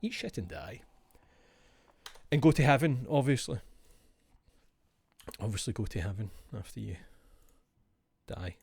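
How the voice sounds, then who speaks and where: A man's voice: medium pitch, expressive, measured pace, vocal fry, pauses often, darkish tone, husky, no echo. A man streaming, chatting casually in a rambling, profane, jokey way.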